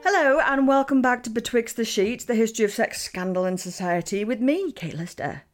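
A woman hosting a history podcast, telling the story in a playful, animated way. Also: a little high, fairly quick, soft background music. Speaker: podcast host. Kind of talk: chatty podcast narration.

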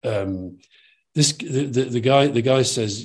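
A man, a podcast guest telling an anecdote with lively asides. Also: mid-range voice, slow pace. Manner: animated anecdote-teller, quoting others in changing voices. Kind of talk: conversational storytelling.

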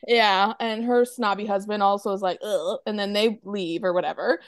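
A woman's voice: mid-range voice, steady tone, normal speed, clean tone, no room sound, studio quality. A woman co-hosting a podcast, chattily retelling a TV episode with lots of fillers and acted-out quotes. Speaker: podcast co-host. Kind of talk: casual chat recapping a TV episode.

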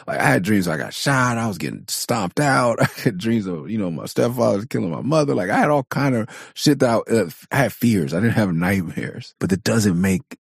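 A man's voice on the low side, animated and slightly rough, moves at a moderate pace with vocal fry and few pauses, in clean studio sound with no room noise. An adult father of four from Southern California, he hosts his own podcast with a casual monologue that's candid, blunt, profane, and often laughing.

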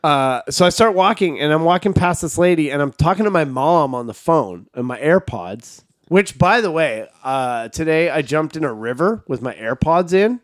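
A man, co-hosting a podcast and telling a profane, animated story in casual chat. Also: a little high, moderate pace, few pauses, no room sound, clean studio sound. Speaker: podcast co-host.

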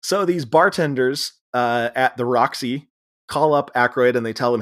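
A man co-hosts a podcast and walks through a film's story in relaxed chat. He acts out the characters' lines as he goes and breaks into laughter often. His voice sits at an ordinary middle pitch. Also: moderate pace. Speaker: podcast co-host. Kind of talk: casual chat recapping a film.

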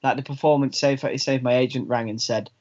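A host chats with his guest in an eager, friendly way, often restarting his sentences. His voice sits at an average pitch, and the recording is a little dull. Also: fairly even intonation, fast, darkish tone. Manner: chatty, stumbling restarts. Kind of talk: casual chat.

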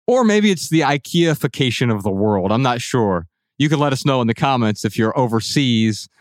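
Lively man co-hosting a podcast. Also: mid-range voice, no room sound, studio quality. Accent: American Midwest. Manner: animated, playful voices when quoting people. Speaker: podcast co-host. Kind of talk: casual conversational podcast.

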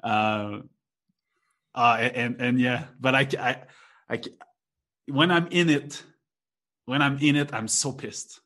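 A man's voice: mid-range voice, takes it slowly, long pauses, a bit bright. Chatty young man. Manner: rambling, laughs often, many restarts. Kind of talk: casual chat.

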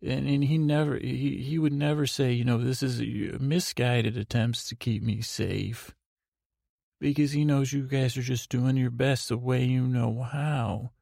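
Brief: male sleep-podcast host, heavy vocal fry, detached and tired, meandering delivery. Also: medium pitch, steady tone, a little slow, darkish tone, dry recording, clean studio sound. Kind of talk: rambling sleep podcast monologue.

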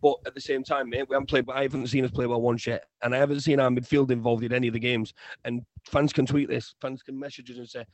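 A young man co-hosting a casual football podcast, ranting in an animated way and often repeating himself. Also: medium pitch, quick pace, no echo. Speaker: podcast co-host.

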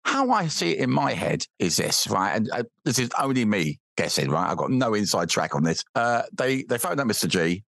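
A man's voice: lowish voice, very animated, fast, vocal fry, few pauses, fairly bright tone, no echo, studio quality. A man chatting on a podcast, rambling and repeating his words as he gets worked up. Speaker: podcast guest, football fan. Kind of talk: casual podcast chat.

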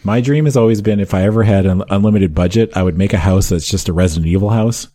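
A man's voice: fairly low pitch, quick pace, mellow. A man talking casually as a podcast guest, joking and laughing as he talks.

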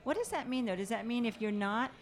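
A woman co-hosting a casual talk show, playful and quick to laugh. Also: fairly high pitch, lively intonation. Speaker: podcast co-host. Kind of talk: casual chat.

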